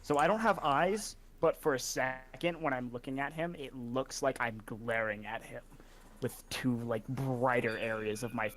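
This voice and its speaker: A man's voice: medium pitch, moderate pace, fairly bright tone, a little hiss or hum. A man playing a tabletop game, blunt and joking. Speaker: player.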